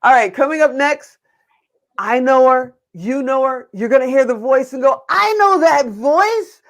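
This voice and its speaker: A woman's voice: high voice, moderate pace. A woman hosting an online interview show, gushing and effusive in her thanks and praise. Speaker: host. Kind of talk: casual interview chat.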